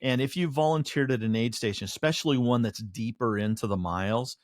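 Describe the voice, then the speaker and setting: A man's voice: medium pitch, brisk, no room sound, clean studio sound. A man co-hosting a podcast in casual chat, thinking aloud with frequent fillers and restarts. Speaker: podcast co-host.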